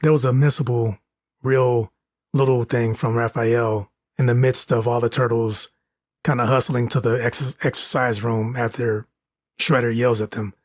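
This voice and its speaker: A man's voice: mid-range voice, little pitch movement, moderate pace, no echo, studio quality. A man co-hosting a podcast, chatting casually and laughing a little as he points out small moments. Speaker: podcast co-host. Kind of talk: casual chat.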